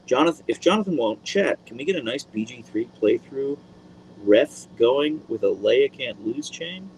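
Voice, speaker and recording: A man hosting a casual live stream, rambling in a friendly way with lots of fillers, speaking into a boom mic. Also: lively intonation, normal speed, a little mellow, a little hiss or hum, low-quality recording. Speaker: livestream host.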